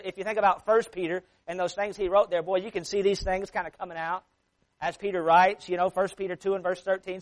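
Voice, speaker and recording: A man preaching a sermon, reading scripture aloud slowly and with emphasis, then explaining it in a plain conversational way with frequent restarts. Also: high-pitched, low-quality recording. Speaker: pastor.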